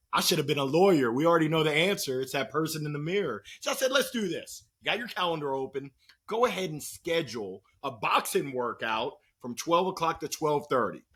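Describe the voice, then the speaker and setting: A man speaking as a podcast guest and motivational speaker, telling stories in a playful, animated way and acting out the voices of the people he quotes. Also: fairly high pitch, husky. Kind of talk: energetic storytelling conversation.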